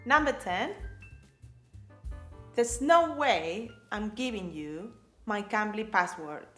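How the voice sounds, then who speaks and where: Lively woman practicing English pronunciation. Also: medium pitch, slow pace, faint music behind. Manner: repeats phrases, laughs often. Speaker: co-host, English learner.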